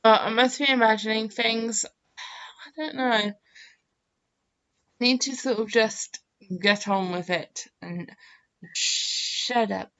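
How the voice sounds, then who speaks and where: A woman talks her way through a game in an unhurried, smooth voice, full of fillers and teasing herself as she goes. The audio sounds a little muffled and lo-fi. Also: a little high, fairly bright tone. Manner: chatty, self-mocking, thinks aloud with many fillers. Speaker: game channel host. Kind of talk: rambling gameplay commentary.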